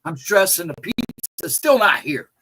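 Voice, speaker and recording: High, bright-voiced man co-host. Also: big pitch swings, a little slow, slight background noise. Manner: exasperated, laughing, rambling. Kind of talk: casual livestream chat.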